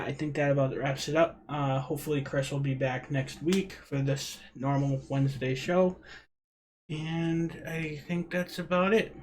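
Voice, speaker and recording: A man's voice: medium pitch, a little mellow. A young man from Rhode Island with a Rhode Island accent, hosting a casual livestream and chatting with viewers in a rambling way. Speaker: livestream host.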